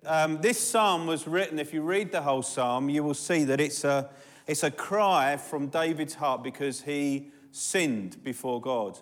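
A man preaching an informal sermon, telling a Bible story with joking asides and fillers, then reading a psalm aloud. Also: on the high side. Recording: long hall reverb.

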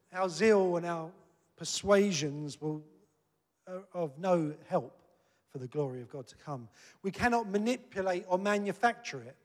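Man preacher, sermon, higher-pitched, conversational and earnest, long hall reverb. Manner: earnest, conversational preaching that rises to emphatic peaks.

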